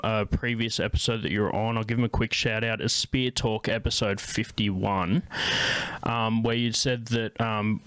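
A man's voice: mid-range voice, fairly bright tone, no echo. An Australian man, a comedian hosting a podcast, chatting casually with lots of ums and restarts. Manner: rambling, with many ums and restarts. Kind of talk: casual interview chat.

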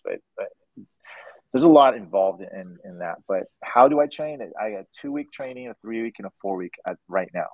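A low, gravelly man rambles through a laid-back podcast chat, doubling back on his words as he goes. The sound is dull and dry, like a lo-fi recording with no room. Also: expressive, fairly quick, no echo. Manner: rambling, repeats words, laughs easily. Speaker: host and dent repair trainer.

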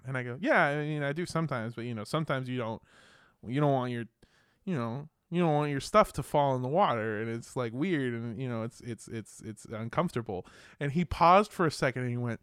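An American man hosting a podcast, casual and joking, swearing freely and bursting into loud impressions. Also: mid-range voice, a little fast, smooth, dry recording, studio quality. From United States. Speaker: podcast host. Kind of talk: casual chat.

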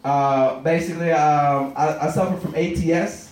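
Loud profane man with an echoey sound. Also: on the high side, steady tone, moderate pace, far from the mic, a little hiss or hum. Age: 30s. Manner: loud, profane, rambling, shouting punchlines. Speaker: stand-up comedian. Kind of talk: stand-up comedy set.

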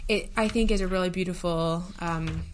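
Woman with a slightly low voice chatting about a book, reads bits out loud with feeling. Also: steady tone, moderate pace. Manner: warm, reads passages aloud expressively. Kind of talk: casual book discussion.

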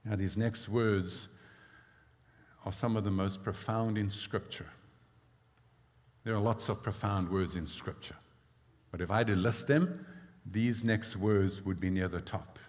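A man's voice: lowish voice, steady tone, unhurried, long pauses, darkish tone, long reverb tail. A male pastor preaching a sermon, explaining scripture in a conversational way with personal asides.

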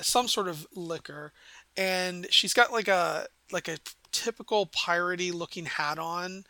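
A man's voice: high-pitched, pushed and bright, no room sound. A man narrating as game master of a tabletop game, rambling with many fillers. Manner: rambling, lots of ums and likes.

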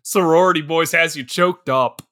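A man's voice: on the high side, normal speed, sharp tone. A young man chiming in on a podcast with exasperated, laughing comments about a movie. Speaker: podcast co-host. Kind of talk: casual podcast banter.

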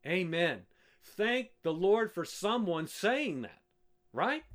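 A man's voice: sits high, a bit bright. A man preaching a sermon as a pastor, firing off emphatic rhetorical questions at the church.

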